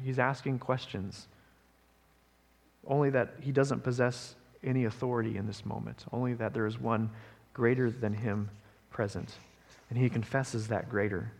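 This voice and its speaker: Man, pastor, conversational sermon, gravelly voice, long hall reverb. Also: medium pitch, a little mellow. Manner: conversational preaching, frequent "right?" asides.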